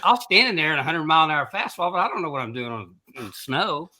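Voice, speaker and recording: A middle-aged man with a bright, ringing voice spins a casual anecdote as a podcast co-host. His pitch swoops all over as he tells the story, and he breaks into laughter at his own tale. His voice sits a little higher than most men's. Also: quick pace. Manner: animated storyteller who laughs through his own stories and mimics others' voices.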